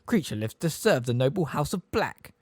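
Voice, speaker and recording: A man voicing an old male house elf, hoarse and deep, muttering bitterly under his breath in an audiobook. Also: very animated, normal speed, no echo, studio quality. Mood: evasive.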